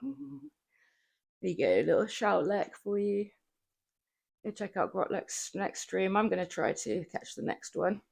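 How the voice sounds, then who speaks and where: A woman livestreaming from her flat, chatting playfully with viewers and laughing often while she works out, a little out of breath. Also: mid-range voice, vocal fry. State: out of breath from exercise. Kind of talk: casual livestream chat while working out. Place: home flat.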